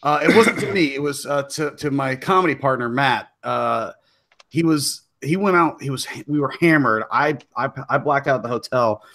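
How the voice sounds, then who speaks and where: Male comedian guest, laid-back rambling storyteller, mid pitch. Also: moderate pace, fairly bright tone. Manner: laid-back, trails off and restarts, laughs while telling. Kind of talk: casual storytelling chat.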